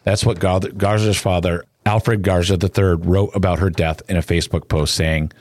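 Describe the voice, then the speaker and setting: A man narrating a somber news report in a solemn, measured way. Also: deep voice, fairly even intonation, darkish tone, no echo, clean studio sound.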